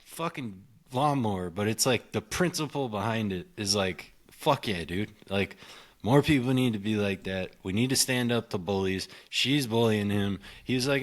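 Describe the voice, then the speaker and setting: Rambling profane podcast co-host. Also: male voice, fairly low pitch, moderate pace. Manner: rambling, profane, full of fillers. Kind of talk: casual chat.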